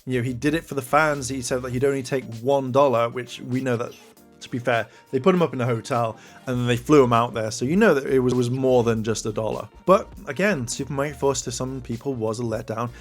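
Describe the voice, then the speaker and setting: A man talks his way through his opinions in a loose, rambling style, leaning on fillers like "like" and "you know." His voice sits at a middling pitch, with faint music playing beneath it. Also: a little fast. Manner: rambling, many fillers, rises in pitch when exasperated. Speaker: commentary channel host. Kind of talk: casual opinion commentary.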